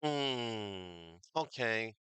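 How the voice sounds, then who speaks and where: A man's voice: lowish voice, expressive, extremely slow, a bit bright, smooth, no room sound. A man, rambling casually and thanking his viewers as he signs off a stream. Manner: rambling, thankful, chatty with fillers. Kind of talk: casual stream sign-off chat.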